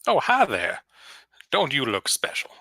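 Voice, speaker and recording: Guy putting on a smiley southern vampire drawl, bright lively voice, dry room, all sweet manners hiding fangs. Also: medium pitch, a little slow, dry recording, heavily acted. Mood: mock-genteel. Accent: American Southern. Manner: overly smiley, drawling, mock-polite. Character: genteel Southern vampire man, hungry and twitchy.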